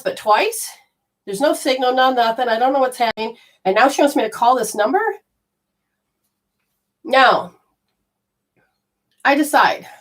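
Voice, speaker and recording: A woman telling a personal story in a casual, animated way, swearing freely and acting out her own panic. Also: on the high side.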